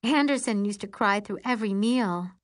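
A woman's voice: medium pitch, normal speed, pitched above the performer's own voice, lightly acted. A woman voicing a friendly, slightly shy teen girl showing a newcomer around camp.

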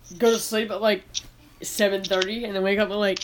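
A woman's voice: medium pitch, level tone, fairly quick, background noise. A woman in casual chat, telling a rambling story with lots of restarts about her tech class.

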